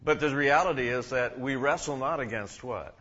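A man preaching a sermon to a congregation, often asking them questions and shifting between loud emphasis and quiet asides. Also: mid-range voice, normal speed, highs cut off. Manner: asks the congregation questions, rises and drops in volume.

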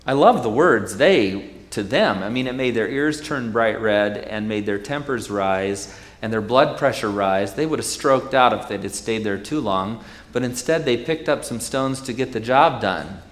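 A man's voice: mid-range voice, normal speed, few pauses, reverberant, long reverb tail. A man preaching a sermon in a conversational, wry way, retelling scripture stories. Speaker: pastor.

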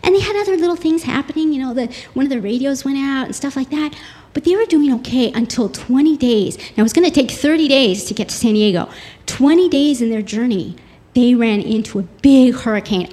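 A woman giving a devotional talk, retelling a dramatic story in an earnest, animated way with frequent restarts, then quoting scripture. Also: sits high. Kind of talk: storytelling sermon.

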